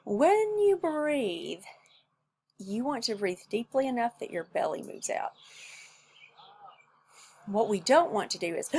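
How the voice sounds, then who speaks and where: A woman with a medium-pitched voice and some vocal fry teaches children music in a video lesson recorded at home, with a faint hiss or hum in the background. She is patient and encouraging, singing each step herself to demonstrate it.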